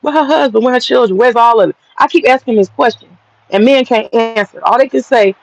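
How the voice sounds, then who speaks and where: A man's voice: very high voice, fairly quick, vocal fry, low-quality recording. A man hosting an online commentary monologue, talking in a blunt, profane and mocking way.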